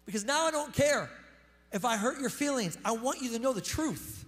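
A male pastor with a very high voice delivers a lively sermon. He punches key lines loudly and then drops into fast, quieter asides. The sound rings with the long reverb of a church hall. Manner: animated, swings between loud emphasis and quick asides.

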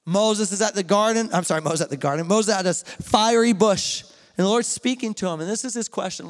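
A young adult man preaching a sermon as pastor, telling the story in a casual, animated way with slang. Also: high-pitched, brisk. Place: church. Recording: long reverb of a church hall.

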